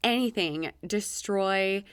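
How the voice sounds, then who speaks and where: A woman's voice: medium pitch, slow pace, clean tone, dry recording, studio quality. A woman hosting a solo podcast, talking energetically and acting out her own thoughts in quotes. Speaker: podcast host. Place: home office.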